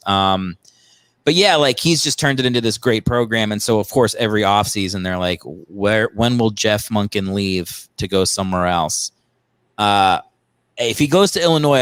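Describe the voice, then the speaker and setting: A man's voice: lowish voice, fairly bright tone, smooth, no echo. A man who is a comedian, a guest on a podcast, rambling sarcastically about football with lots of fillers. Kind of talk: casual podcast chat.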